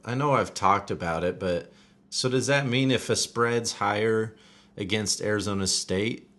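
Young male co-host, low voice, playful and curious. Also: a little slow, a bit bright. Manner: joking, asks lots of questions. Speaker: podcast co-host. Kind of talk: casual sports podcast chat.

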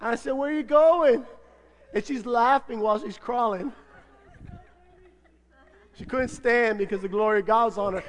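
A man preaching from the pulpit with a striking, very high voice. He keeps the congregation laughing, playfully acting out people's excuses in a lively, humorous sermon. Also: unhurried, long pauses. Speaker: pastor. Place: church sanctuary.

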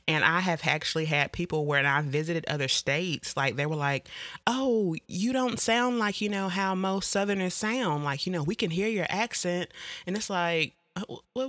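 A woman's voice: a bit bright, dry recording. A woman, chatting casually as a podcast host and telling stories. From Eastern North Carolina, US. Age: 30s. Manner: chatty, storytelling, quotes herself in a higher voice. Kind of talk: casual solo podcast chat.

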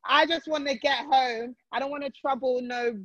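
A woman, co-hosting a casual chat and telling a story in a relaxed way, full of slang. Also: high-pitched, moderate pace, dry recording, low-quality recording. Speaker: podcast co-host.

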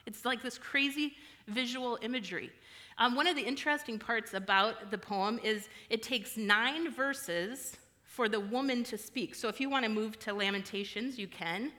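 A woman's voice: a little high, moderate pace, pushed and bright, big-room sound. A woman giving a candid personal sermon in a frank, conversational, self-deprecating way. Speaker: church speaker.

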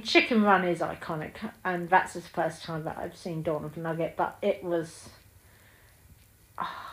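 A woman's voice: mid-range voice, fairly bright tone, low-quality recording. Chatty woman in her thirties. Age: 30s. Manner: chatty and gushing, with frequent ums. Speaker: podcast host. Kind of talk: casual solo film chat.

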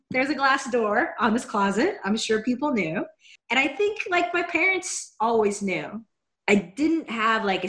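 A woman's voice: fairly low pitch, a bit bright. A woman from Seattle telling a personal story in a candid, chatty way, with a wry, self-deprecating humor. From Seattle, USA. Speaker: guest sharing a personal story. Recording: roomy echo.

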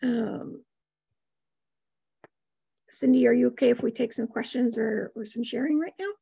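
A woman hosting an online gathering, her voice sitting a little high with a husky, gravelly edge. The sound is dry and close, and she moves things along calmly and without hurry. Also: unhurried, no echo. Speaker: host.

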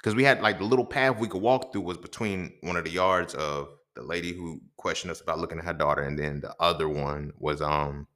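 On his podcast, a young man speaks low and brisk with few pauses while sharing a story from his life. He swears freely, uses lots of slang, and stays casual and animated.

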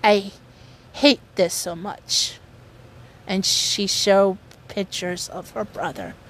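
A woman giving casual commentary on online news in an earnest, halting way, often restarting her sentences. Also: mid-range voice, fairly even intonation, a bit bright, a little hiss or hum. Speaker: commentary vlogger.

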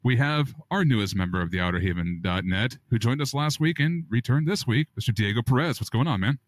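A gaming podcast host speaks a little fast in an animated, medium-pitched voice, with no echo. He ribs his co-hosts and gives hype-style intros in a casual, playful manner.

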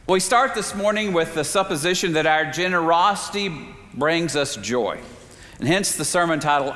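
A man preaching a sermon, telling a story in a measured way with slow, emphatic pauses. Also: fairly high pitch, animated, fairly bright tone. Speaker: pastor. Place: church sanctuary. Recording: reverberant sanctuary.

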